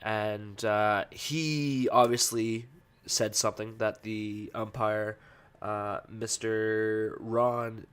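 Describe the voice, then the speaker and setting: A man's voice: lowish voice, steady tone, drawn-out words, fairly bright tone, clear, resonant tone. Man ranting on a casual podcast. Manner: ranting, profane, heated; loose, hesitant with many fillers. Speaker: podcast host.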